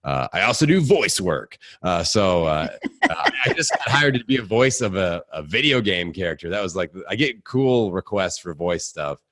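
A man's voice: sits low, normal speed, no room sound, clean studio sound. A middle-aged man from Indiana with a Midwestern accent, chatting as an upbeat podcast guest and coach. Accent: Midwestern American (Indiana). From Indiana, USA. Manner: energetic, upbeat, acts out quotes. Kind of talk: casual interview chat.

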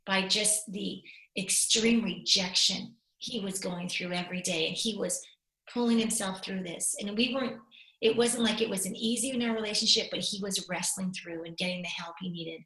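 A woman's voice: mid-range voice, normal speed. Candid woman telling a personal story, roomy sound. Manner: candid, animated, voice breaking into tears at times. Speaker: guest. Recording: roomy echo.

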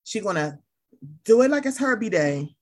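A woman co-hosting a podcast in casual chat, playful and laughing, slipping into quick impressions of friends. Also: mid-range voice, sing-song, a little mellow. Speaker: podcast co-host.

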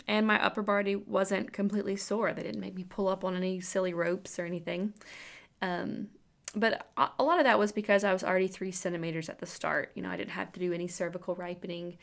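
A woman in her thirties telling the story of giving birth in a casual, chatty way, full of "like" and "um". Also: mid-range voice. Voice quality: creaky fry, filler-heavy with "like" and "um". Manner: animated retelling, acting out quoted lines.

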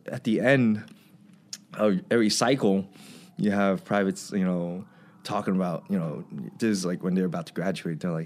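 A man's voice: low voice, steady tone, moderate pace, a little mellow. A middle-aged man, a former army drill sergeant, telling stories as a podcast guest in a rambling way with many filler words. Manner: rambling, heavy filler words, laughs often. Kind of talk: casual interview storytelling.

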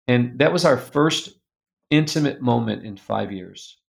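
A middle-aged man telling a personal story as a guest, earnest and confessional, going soft and quiet at the painful parts. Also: medium pitch, lively intonation, measured pace, creaky. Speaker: guest speaker.

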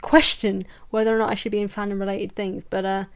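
A woman's voice: medium pitch, little pitch movement, quick pace, smooth. A young woman hosting a casual book review podcast, chatty and jokey, often breaking into laughter. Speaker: podcast host.

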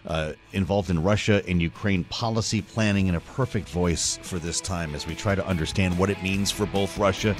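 A man hosting a radio interview podcast in a lively, friendly manner. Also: deep voice, moderate pace, hardly any pauses, soft background music.

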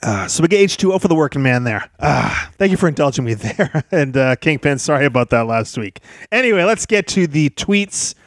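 A man hosting a podcast in a lively, chatty monologue, joking and laughing as he talks. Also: on the high side, a little fast, no echo, studio quality. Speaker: podcast host.

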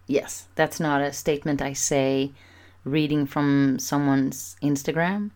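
A woman's voice: sits low, steady tone, slow, a little mellow. A woman speaking candidly to camera in a personal vlog, talking with emphatic repetition. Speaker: vlogger.

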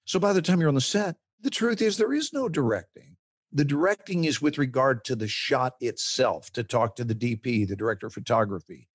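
A middle-aged man, a working actor and interview guest, tells animated stories and acts out quotes and gestures as he talks. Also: mid-range voice, no room sound, studio quality.

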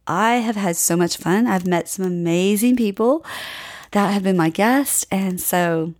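A woman's voice: mid-range voice, unhurried, darkish tone. Earnest woman hosting a self-help podcast. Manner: earnest, self-help tone, many fillers and restarts. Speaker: podcast host. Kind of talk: solo podcast talk, encouraging listeners.

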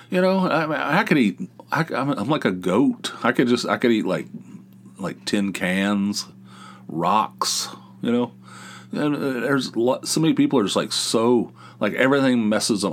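A man's voice: medium pitch, expressive, moderate pace. A middle-aged man hosting a casual solo podcast, rambling and cursing freely, losing his train of thought and circling back. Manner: rambling, profane, easily sidetracked. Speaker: podcast host.

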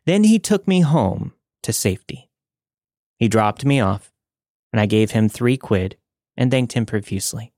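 A man hosting a podcast, reading listener stories as scripted narration in a measured, dramatic way. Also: medium pitch, expressive, darkish tone, no echo, clean studio sound.

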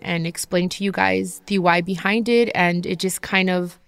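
A woman's voice: fairly low pitch, no echo, studio quality. A woman in her thirties talking candidly to her viewers, heartfelt and emotional as she shares a personal story. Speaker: vlogger sharing personal story.

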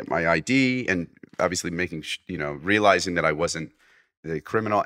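Man with a low, bright voice telling a story. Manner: animated anecdote, acting out quoted voices; halting, with many restarts. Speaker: podcast guest. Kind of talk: casual storytelling.

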